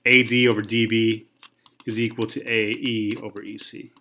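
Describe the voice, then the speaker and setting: Bright-voiced man teaching math. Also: on the low side, level tone, moderate pace. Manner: chatty, repeats okay and right often. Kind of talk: casual whiteboard lesson.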